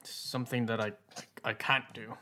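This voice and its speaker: A man's voice: mid-range voice, normal speed, a little hiss or hum. A man playing a tabletop role-playing game, chatting casually and reacting expressively to his dice rolls. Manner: lively and expressive, laughing at his own rolls. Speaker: player.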